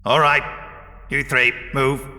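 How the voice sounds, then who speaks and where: A man's voice: mid-range voice, level tone, slow pace, bright, forceful tone, no room sound, voice pushed up, full character voice. A man voicing a weary space station commander in an audiobook, clipped and commanding. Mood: grim.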